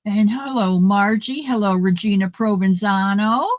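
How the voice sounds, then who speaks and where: A woman's voice: medium pitch, fairly even intonation, unhurried, no room sound, dull audio. A woman hosting a casual live stream, greeting viewers by name and chatting about recipes. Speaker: livestream host.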